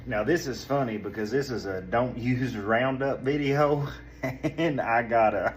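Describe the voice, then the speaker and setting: A man's voice: mid-range voice, unhurried, slight background noise. A man making a casual home video about killing weeds, laughing often and talking informally.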